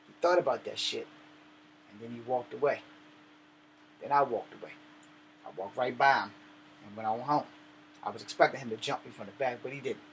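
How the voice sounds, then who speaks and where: A man's voice: medium pitch, a little fast, long pauses, a bit bright, slight background noise, low-quality recording. A man telling a personal story in a blunt, profane, swaggering way. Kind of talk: casual spoken storytelling.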